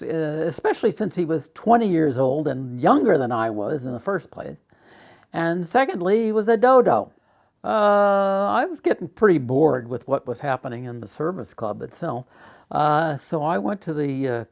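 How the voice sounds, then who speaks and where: An older man telling a personal story, halting with frequent uhs and acting out the people he quotes. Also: a little high, gravelly. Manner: animated retelling, acts out quotes. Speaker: documentary subject.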